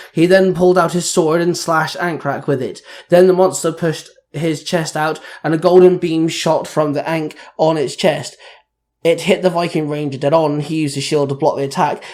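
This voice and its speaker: Guy reading out a fan superhero story, kinda high voice, steady pace. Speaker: narrator. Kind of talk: amateur storytelling narration.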